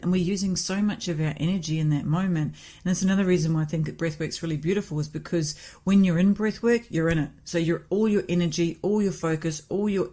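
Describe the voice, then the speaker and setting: A woman, hosting a casual conversation as a lively storyteller who swears freely and often laughs. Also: deep voice. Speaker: podcast host.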